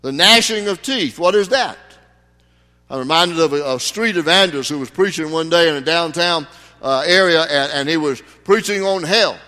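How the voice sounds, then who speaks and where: Pastor guy preaching, folksy then punchy, bright voice, big reverby church. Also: a little high, moderate pace. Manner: folksy preaching with sudden emphatic rises. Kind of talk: sermon. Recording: long hall reverb.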